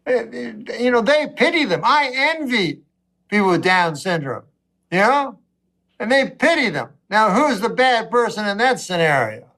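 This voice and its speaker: Deadpan rambling male stand-up comic. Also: sits high. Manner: deadpan, rambling delivery with drawn-out pauses and acted-out quotes. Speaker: comedian. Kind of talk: stand-up comedy monologue.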